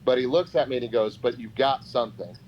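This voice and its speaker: A man's voice: mid-range voice, quick pace. A man, a guest on a podcast, telling a story casually and acting out the other people in it. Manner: animated, acts out quoted voices. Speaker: podcast guest, pro wrestler. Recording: dull lo-fi podcast audio with faint noise.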